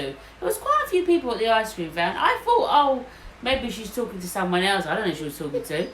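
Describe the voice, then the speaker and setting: Animated woman telling a story. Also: high-pitched, a little fast. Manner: animated, acts out quotes. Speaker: podcast co-host. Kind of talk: casual storytelling. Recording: echoey room, faint noise.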